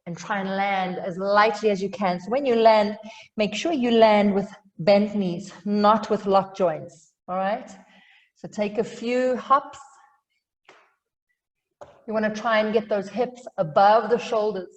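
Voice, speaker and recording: A woman teaching a yoga class, giving calm cues with light humor and sounding a little out of breath. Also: medium pitch, unhurried, long reverb tail, muffled recording. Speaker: yoga instructor.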